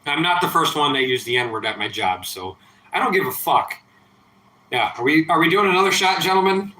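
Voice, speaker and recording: A man in his thirties rambles through a casual late-night stream, profane and defiant, a bit tipsy from drinking. His voice sits a touch high and sounds bright and edgy. The room gives it a noticeable echo. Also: lively intonation, normal speed. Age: 30s. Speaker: livestreamer.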